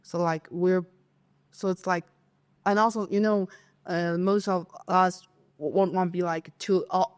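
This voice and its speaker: A woman from China with a Chinese accent, a podcast co-host telling a school story in casual chat, animated and lively as she acts out her classmates' voices. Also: on the low side, unhurried, clean tone.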